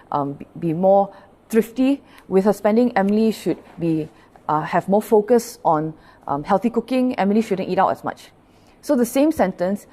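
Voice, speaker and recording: A woman's voice: mid-range voice, mellow. A woman pastor gives a livestreamed Buddhist dharma talk, explaining patiently and often checking in with her listeners. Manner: greets live viewers by name between points.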